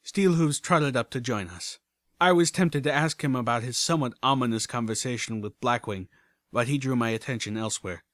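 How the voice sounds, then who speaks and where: Male audiobook reader, mid-pitched, steady narration, dry close mic. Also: fairly quick, no room sound. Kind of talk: first-person audiobook narration.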